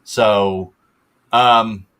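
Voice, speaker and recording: An older man in his sixties with a bright, forceful voice, chatting casually on a livestream. He explains things at length and trails off as he talks. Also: lowish voice, fairly even intonation, drawn-out words, clear, resonant tone. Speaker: guest reseller.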